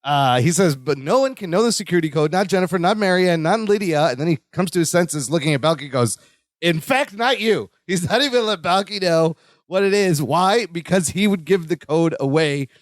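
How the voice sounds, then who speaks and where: A man's voice: high voice, a little fast, no room sound, clean studio sound. A man co-hosting a podcast, casually recapping a sitcom episode and acting out the characters' lines as he goes. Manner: animated, acts out characters' lines while retelling scenes. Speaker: podcast co-host.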